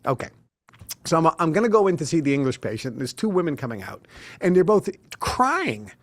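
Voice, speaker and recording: Animated, higher-voiced middle-aged man. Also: brisk. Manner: animated storyteller who acts out quotes. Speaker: interview guest. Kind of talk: casual interview talk.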